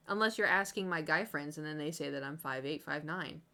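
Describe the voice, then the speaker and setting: A woman's voice: low-pitched, moderate pace, pushed and bright. Young woman just chatting on stream, rambly storyteller, talks back to chat a lot. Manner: rambling storytelling with many likes and asides to chat. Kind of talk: casual chat while painting on stream.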